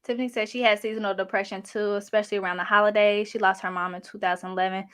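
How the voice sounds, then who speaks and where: A woman's voice: mid-range voice, flat delivery, very fast, fairly bright tone. A young adult woman hosting a casual livestream, reading chat comments in a chatty, sassy, slangy way. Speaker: channel host reading live chat.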